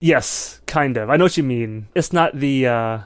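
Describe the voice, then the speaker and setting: A man co-hosting a movie podcast, chatting at an ordinary middle pitch. He rambles through his points, leaning on filler words. The recording is close and dry. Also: normal speed, smooth, no echo. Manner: rambling, heavy use of "like" and "you know". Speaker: podcast co-host. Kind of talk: casual film review chat.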